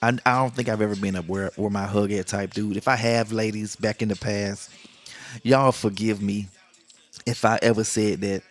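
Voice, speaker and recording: A man's voice: fairly low pitch, steady tone, moderate pace. A middle-aged man hosts a casual monologue, joking, laughing often and acting out the lines he quotes. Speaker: podcast host.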